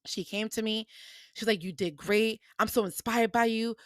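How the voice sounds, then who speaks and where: A young adult woman hosting a podcast and telling personal stories in a lively way, acting out what people said to her. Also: on the high side, normal speed, dry recording. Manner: animated, acts out quoted dialogue. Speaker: podcast host. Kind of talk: personal storytelling monologue.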